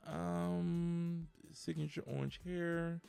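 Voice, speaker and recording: A man co-hosting a podcast, reading entertainment headlines in a casual, halting way with many fillers. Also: fairly high pitch, steady tone, creaky, dark tone, clear, resonant tone, faint music behind. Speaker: podcast co-host. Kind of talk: casual news chat.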